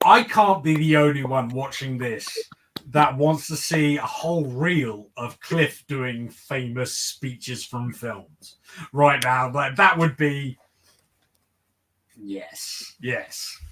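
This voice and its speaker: An Englishman co-hosting a live comics show, chatting casually in a halting way, stammering and restarting, with self-deprecating humor. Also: mid-range voice, fairly bright tone, slight background noise. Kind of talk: casual chat on a livestream.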